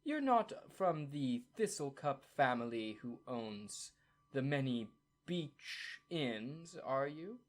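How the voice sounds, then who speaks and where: A man's voice: medium pitch, big pitch swings, takes it slowly. A man voicing a slender, tall woman clerk who is eager and formal as she speaks, in a tabletop game. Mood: curious.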